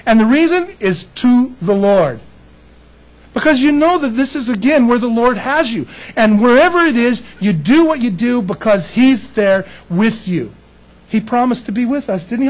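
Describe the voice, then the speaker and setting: A middle-aged male pastor preaching casually, telling a story with folksy, animated humor. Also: very high voice, moderate pace, low-quality recording. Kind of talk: casual sermon with personal story.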